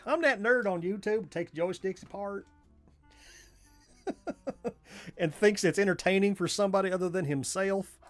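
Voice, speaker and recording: A man's voice: high voice, measured pace, pauses often, soft background music. A man with a Southern US accent, hosting a livestream and chatting casually as he takes apart a joystick, folksy and self-mocking, chuckling and thinking aloud as he works. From born in southern Florida, family from Missouri. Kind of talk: casual livestream commentary while working.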